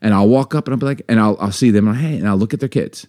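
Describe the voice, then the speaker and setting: A man co-hosting a casual podcast chat, animated and jokey, full of quick asides. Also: on the low side. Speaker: podcast co-host.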